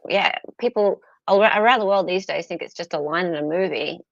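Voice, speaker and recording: A woman's voice: lowish voice, brisk, gravelly, no room sound. An Australian woman co-hosting a casual live stream, chatty and fond of tag questions. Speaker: co-host streamer. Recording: dull lo-fi stream audio.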